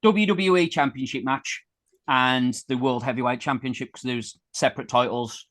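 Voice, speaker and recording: A man's voice: mid-range voice, moderate pace, fairly bright tone. A man co-hosting a casual podcast, teasing his co-host while he asks quiz questions and reels off facts. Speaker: co-host and quizmaster.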